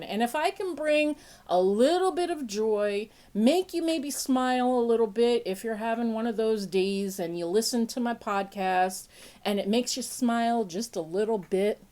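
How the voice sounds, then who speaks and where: A woman hosting a podcast in a playful casual chat, laughing often, with a sniffly nose. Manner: playful, laughs often, big pitch jumps when excited. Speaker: podcast host.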